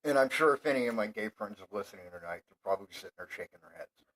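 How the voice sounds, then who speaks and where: A man hosting his own show, delivering a profane, rambling monologue that swears constantly and flares into heated yelling. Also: lowish voice, expressive, fast, poor audio.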